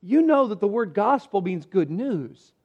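A man preaching a sermon, reading scripture aloud and stressing key words with shifting pace and loudness. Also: sits high, very animated, husky, lo-fi sound. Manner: emphatic preaching with pauses, varied pace and loudness. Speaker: pastor.

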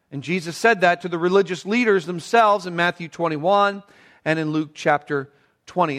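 High-voiced preaching pastor. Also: male voice, a bit bright. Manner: emphatic preaching, slowing and rising to stress key words. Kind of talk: sermon. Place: church sanctuary.

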